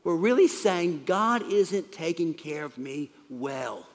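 A man preaching a sermon as pastor, animated, swinging from loud emphasis to hushed asides. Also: a little high, slow pace. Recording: long hall reverb.

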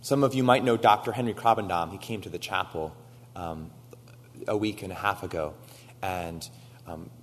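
A man with a low voice preaches a sermon at a normal speed, recorded with long hall reverb. He tells a story using quoted dialogue and builds toward emphatic exhortation.

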